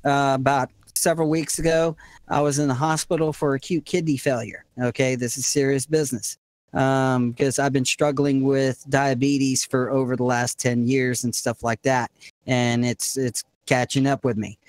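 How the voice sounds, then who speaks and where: A man's voice: medium pitch, level tone, moderate pace, a little mellow, dry recording. A man leading a gaming community voice-chat meeting, rambling and profane, padding his talk with "and stuff.".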